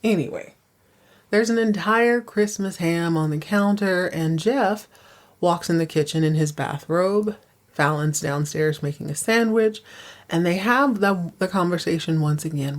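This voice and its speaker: A woman's voice: fairly low pitch, normal speed. A woman hosting a podcast, recapping episodes in casual, sassy chat with many asides. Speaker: podcast host.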